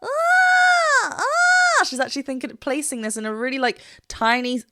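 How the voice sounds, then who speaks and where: Bright-voiced woman vocal coach. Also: on the high side, steady tone, quick pace, heavy background noise. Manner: explains technique, breaking into short sung demonstrations. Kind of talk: reaction and analysis commentary.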